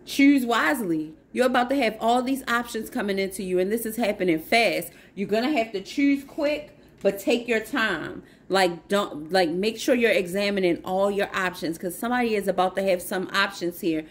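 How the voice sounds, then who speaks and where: A woman's voice: medium pitch, normal speed, few pauses. A woman giving a casual spiritual tarot reading, effusive and encouraging, repeating phrases for emphasis. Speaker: tarot reader.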